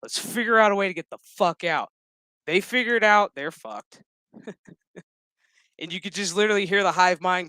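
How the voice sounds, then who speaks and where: Male reviewer, casual and profane, bright and clear-voiced. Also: high-pitched, normal speed, pauses often, no echo. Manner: profane, chatty, laughs often. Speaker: show reviewer.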